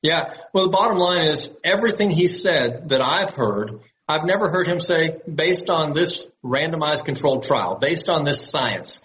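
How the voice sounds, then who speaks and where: A male doctor speaking as a guest in an interview, in a steady, measured way. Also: fairly high pitch. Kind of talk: interview talk. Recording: dull lo-fi line with faint hiss.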